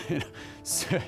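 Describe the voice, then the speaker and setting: Lively man teaching a speaking workshop. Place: workshop room.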